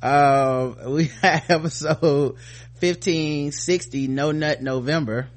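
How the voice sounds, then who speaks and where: A man's voice: on the high side, fairly even intonation, takes it slowly. Casual, profane male podcast host. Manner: reads listener comments aloud, profane and joking.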